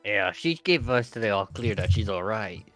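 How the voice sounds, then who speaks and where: A man's voice: lowish voice, lively intonation, moderate pace, fairly bright tone, soft background music. A man playing a tabletop game, easygoing and brief in his replies. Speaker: player. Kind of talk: casual tabletop play.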